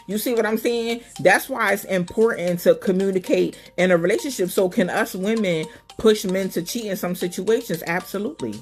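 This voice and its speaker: A woman hosting a live call-in stream, talking casually and sassily, calling people honey and baby, swinging between loud and soft. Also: mid-range voice, a little fast, hardly any pauses, soft background music. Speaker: live show host.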